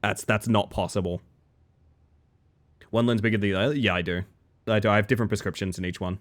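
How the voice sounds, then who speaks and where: A young man from Australia, a streamer talking casually with his chat, animated and swearing freely. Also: lowish voice, fast, long pauses.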